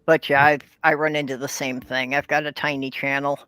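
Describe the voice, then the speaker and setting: A man's voice: medium pitch, little pitch movement, brisk, sharp tone, clear, resonant tone, no echo. A man who runs a small video channel, chatting casually and self-deprecatingly. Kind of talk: casual stream chat.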